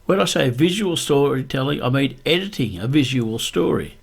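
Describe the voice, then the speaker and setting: A man practicing a voiceover, speaking low and deep close to the microphone in a deliberate, repetitive self-coaching way. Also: animated, gravelly, breathy edge. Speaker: YouTube creator.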